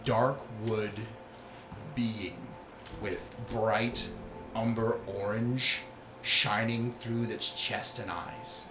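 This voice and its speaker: A man narrating as game master, describing scenes in halting detail. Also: fairly low pitch, fairly even intonation. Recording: roomy sound with music bed.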